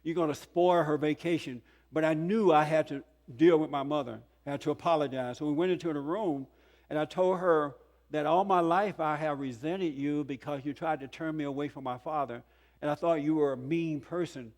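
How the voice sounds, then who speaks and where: A man's voice: a little high, fairly quick, a little mellow. A man in his sixties giving a personal testimony at a conference, telling his story earnestly with chuckles and emphatic peaks. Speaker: speaker. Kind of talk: testimony talk to a conference audience. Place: conference hall.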